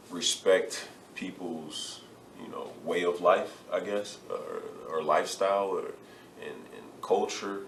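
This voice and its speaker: Deep-voiced retired athlete, earnest. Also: male voice, recorded from a distance. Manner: earnest, repeats words when searching for them. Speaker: guest, retired basketball player. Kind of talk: casual interview talk. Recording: roomy, from off the mic, faint noise.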